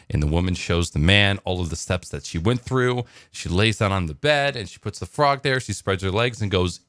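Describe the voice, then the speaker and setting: A man's voice: sits low, lively intonation, fairly quick, few pauses, fairly bright tone, no room sound, clean studio sound. A man telling a joke and chatting casually in a morning vlog, rambling with lots of fillers. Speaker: vlogger.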